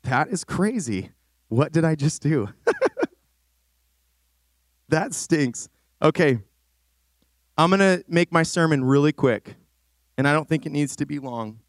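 A man preaching as a youth pastor to a congregation, energetic and animated with rambling asides. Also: a little high, unhurried, no room sound, clean studio sound. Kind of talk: sermon. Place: church stage before a congregation.

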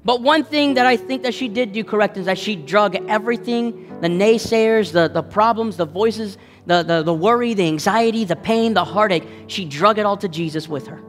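A man preaches a sermon with a high, lifted voice. He drives his points home through repetition and switches into the voices of the people he quotes. His words ring out in a reverberant hall over faint background music. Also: normal speed, few pauses. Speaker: pastor.

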